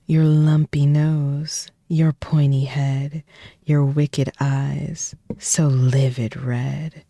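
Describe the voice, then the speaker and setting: Brief: crude, smitten storybook ogre, read by a streamer, slow, dry close sound. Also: mid-range voice, level tone, gravelly, dark tone, dry recording, full character voice. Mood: lovestruck. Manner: slow sing-song rhyming, partly whispered. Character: male ogre, lovestruck and crude.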